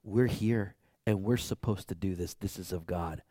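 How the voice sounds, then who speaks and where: Man doing a quiet male missionary, calm, steady, soft, dry close sound. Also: low-pitched, normal speed, dry recording, pitched below the performer's own voice.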